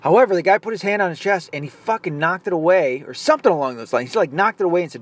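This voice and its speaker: A man's voice: high-pitched, animated, fast talker. A man hosting a podcast, ranting casually in a blunt, profane, opinionated way. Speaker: podcast host.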